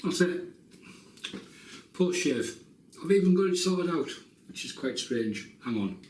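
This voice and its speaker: A man's voice: a little high, expressive, a little slow, darkish tone, distant mic. Man, 50s, casual joking chat, echoey room, faint background noise. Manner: chatty, joking, self-mocking asides. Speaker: shaving vlogger. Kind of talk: casual chat while shaving. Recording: roomy, off-mic, faint noise.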